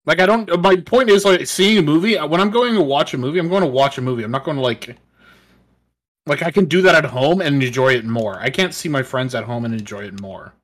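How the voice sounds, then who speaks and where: A man's voice: a little high, fairly quick, fairly bright tone. A young man in a casual chat among friends, blunt and swearing casually.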